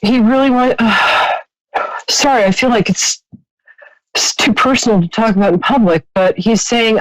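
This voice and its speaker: A woman's voice: fairly high pitch, moderate pace, dry recording, poor audio. Woman, psychic radio host, chatty, laughs a lot, dry close sound. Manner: chatty, warm-hearted, laughs often, trailing restarts. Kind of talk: live call-in psychic reading.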